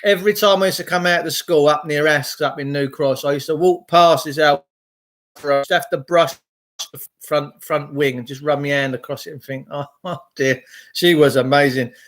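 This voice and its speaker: A man's voice: on the high side, steady tone, normal speed, fairly bright tone. A middle-aged man from England, giving a rambling, profane, chatty monologue to his viewers. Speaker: video host.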